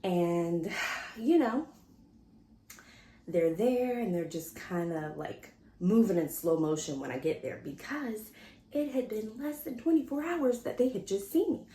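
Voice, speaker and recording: Unhurried and mid-range, her voice fills an echoey room as she vlogs casually to the camera. She tells a story in a chatty, animated manner, acting out what people said.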